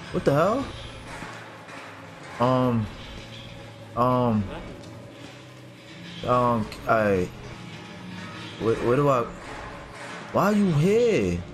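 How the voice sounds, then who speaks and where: A man's voice: mid-range voice, very animated, drawn-out words, long pauses. A man commentating his horror game playthrough, reacting in panic with casual slang. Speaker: gaming streamer. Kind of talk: let's play commentary. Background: game music.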